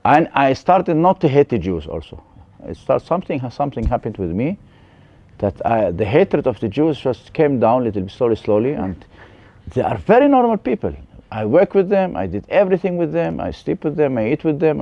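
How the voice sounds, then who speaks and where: A man with an Arabic accent, a guest telling his life story in halting English with many restarts. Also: mid-range voice, big pitch swings, creaky, no echo, highs cut off. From West Bank. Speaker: interview guest.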